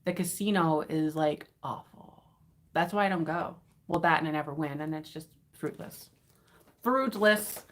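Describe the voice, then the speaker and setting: A woman talks off the cuff on a live stream, rambling and giddy, breaking into laughs often. She sounds tired, and her voice sits somewhat low for a woman. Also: measured pace. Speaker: vintage reseller hosting an unboxing. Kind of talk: casual live-stream chat.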